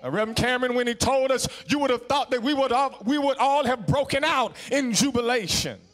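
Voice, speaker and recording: High-voiced preaching man, Southern cadence. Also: brisk, a bit bright, big-room sound. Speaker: guest preacher. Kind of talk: Black church sermon with call and response. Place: church sanctuary.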